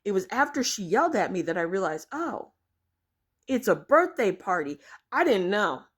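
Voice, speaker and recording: A woman's voice: medium pitch, very animated, moderate pace, breathy edge. A young woman vlogging her opinions, blunt and exasperated, swearing freely as she rants to her viewers. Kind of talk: opinion rant to camera.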